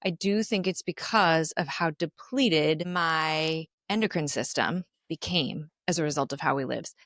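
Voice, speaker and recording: A woman's voice: low voice, unhurried, fairly bright tone, no echo, clean studio sound. A woman who is a podcast guest, talking earnestly in casual conversation and often checking in with her listener. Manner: earnest, keeps checking in with "right?".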